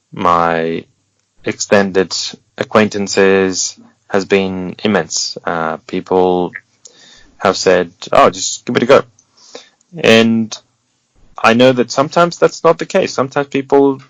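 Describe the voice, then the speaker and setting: A man's voice: on the low side, fairly bright tone, dry recording. Earnest man giving advice on a podcast. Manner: earnest and encouraging, with wry humor and restarts. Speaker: interview guest. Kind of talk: candid interview talk, giving advice. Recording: dull lo-fi sound, dry.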